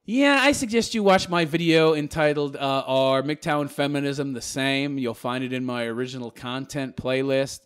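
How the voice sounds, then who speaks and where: A man ranting casually to camera as a video commentator, talking fast in a mocking, sarcastic way. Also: mid-range voice, fairly even intonation, a bit bright, smooth.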